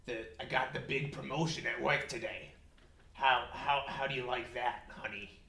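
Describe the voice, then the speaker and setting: A man's voice: medium pitch, steady tone, moderate pace, vocal fry, bright, forceful tone. A man voicing a cheesy, proud sitcom husband in a tabletop game. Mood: hammy. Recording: roomy with faint noise.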